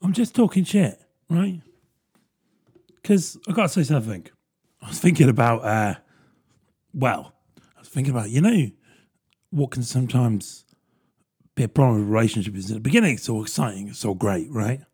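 Husky man rambling on his podcast. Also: medium pitch, lively intonation, moderate pace, pauses often, darkish tone. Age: 30s. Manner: rambling, self-deprecating, lots of fillers. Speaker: podcast host. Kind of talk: casual solo podcast monologue.

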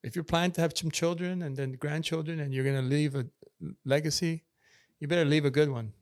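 A man's voice: on the high side, fairly even intonation, a little fast, darkish tone, dry recording, studio quality. A man in a casual podcast chat, talking earnestly and repeating his key points like a preacher.

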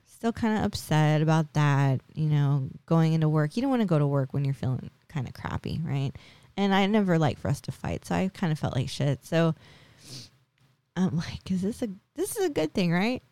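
A woman's voice: deep voice, a little mellow, clean tone, no echo. A woman in her forties hosting a podcast, telling a personal story in a chatty, casual way full of tag questions and fillers. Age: 40s. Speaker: podcast host.

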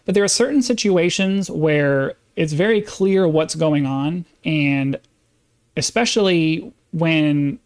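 Male podcast host, fairly high voice, insistent opinion rant. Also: darkish tone. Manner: emphatic, insistent, with frequent restarts. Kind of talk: opinion monologue.

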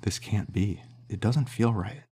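A man's voice: fairly low pitch, measured pace, dark tone, husky. A man voicing a young man who speaks earnestly and confessionally to the woman he loves. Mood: anguished.

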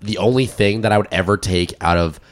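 A man co-hosting a casual podcast chat while sick, his voice deep and rough, rambling and laughing often. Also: fairly quick. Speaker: podcast co-host.

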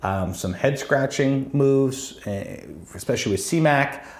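Speaking slowly in a mid-range voice, this fantasy football podcast co-host breaks down matchups. His casual sports talk is chatty and analytical, dotted with plenty of ums.

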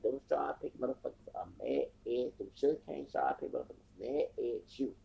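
A man ranting in casual commentary, heated and profane, repeating himself, in dull lo-fi audio. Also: mid-range voice. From Texas. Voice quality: gravelly. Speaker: commentator on a YouTube livestream.

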